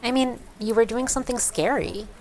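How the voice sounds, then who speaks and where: A woman's voice: on the high side, a little fast, vocal fry, a little mellow. A woman interviewing someone, curious and blunt in her questions. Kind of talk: conversational interview.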